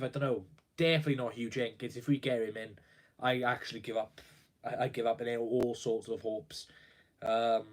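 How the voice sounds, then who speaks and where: A young man on a casual live stream, sounding worried as he rambles along, restarting sentences and filling gaps with ums. His pitch sits at a middling level for a man. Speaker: football fan livestreamer.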